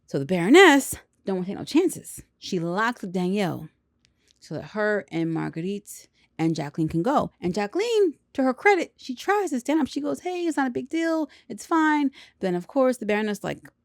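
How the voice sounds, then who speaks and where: A woman casually recapping a film with lots of slang and quick acted-out character lines. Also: mid-range voice, very animated, vocal fry, no echo, studio quality. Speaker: movie reviewer.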